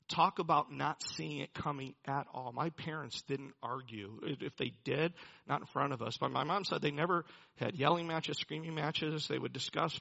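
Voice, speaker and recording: A man's voice: fairly high pitch, gravelly, sharp tone, husky, dull audio. A man preaching a sermon, telling a personal story in an earnest way and building to emphatic preaching. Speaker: pastor.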